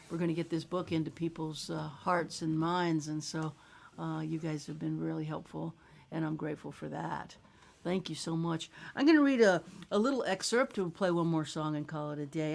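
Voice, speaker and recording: Low-voiced woman, halting speech. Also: creaky. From South Louisiana. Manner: halting, many filler "uh"s. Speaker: singer-songwriter host. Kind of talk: casual chat and reading aloud.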